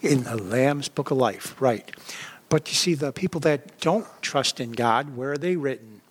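A man's voice: mid-range voice, animated, a little slow, slight background noise. A man who is a pastor, giving a conversational sermon, often checking in with "right?" and "you know", and acting out quoted voices with sudden rises.

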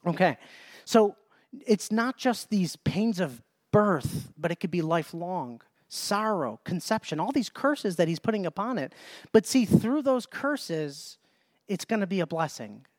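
A man's voice: high voice, expressive, unhurried, no echo, studio quality. A man preaching a Bible study sermon in an emphatic way, often repeating phrases and restarting mid-sentence.

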